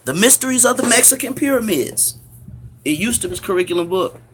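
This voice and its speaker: A forceful man lectures and interrogates a group, swearing freely as he teaches. His voice sits high for a man and swings widely up and down. The sound rings around an echoey room. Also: expressive, a little fast, a little hiss or hum. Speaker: street teacher debating a crowd. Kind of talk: confrontational street lecture.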